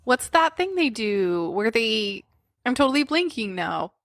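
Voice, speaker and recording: Woman co-host, chatty trivia-teller, a touch high-pitched, dry close mic. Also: sing-song, dry recording. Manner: chatty, recounts trivia, paraphrases people in quick asides. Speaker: podcast co-host. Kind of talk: casual chat about movies.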